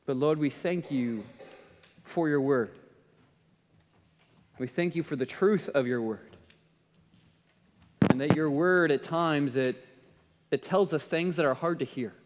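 A man preaching a sermon as pastor, swinging between impassioned emphasis and hushed, softened passages. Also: a little high, slow, pauses often, slight background noise. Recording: dull sound with long hall reverb.

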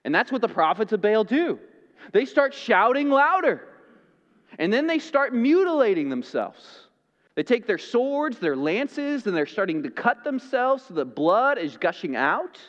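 Male pastor, dramatic sermon delivery, lively pitch, roomy dull hall sound. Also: a little slow. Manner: dramatic, swings from loud to hushed.

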